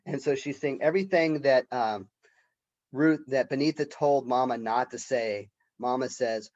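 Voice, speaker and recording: A male college professor talks through a play in an unscripted, easygoing way, full of "um" and "right?". His voice sits at a middle pitch, and the recording sounds slightly dull and lo-fi. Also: steady tone, moderate pace, darkish tone. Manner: unscripted, with fillers and rhetorical "right?"; reads character quotes with some expression. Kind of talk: lecture reading and explaining a play.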